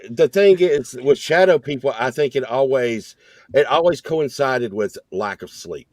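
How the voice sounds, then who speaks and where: A man co-hosting a podcast, telling stories in an animated, rambling way. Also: medium pitch, moderate pace, no echo. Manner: animated storyteller, excited and rambling. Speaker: podcast co-host. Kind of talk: casual storytelling chat.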